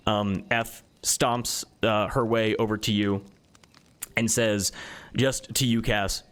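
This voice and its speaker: Low-voiced male game master. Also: takes it slowly, clear, resonant tone. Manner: descriptive, relaxed narration with many fillers. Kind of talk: narrating a tabletop game.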